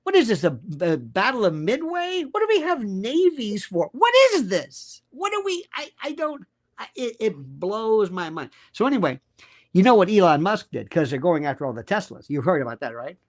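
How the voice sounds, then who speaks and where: At a moderate pace, this American man speaks in a high, very animated voice as a guest commentator. He rants emphatically and sarcastically in a political tirade that darts from topic to topic.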